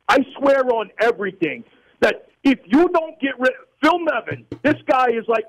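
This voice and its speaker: A man putting on a furious loudmouth New caller. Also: very high voice, full character voice, poor audio. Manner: ranting, crude, boastful. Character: furious loudmouth male New York Yankees fan caller. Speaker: radio host playing a caller. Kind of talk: comedic sports radio bit.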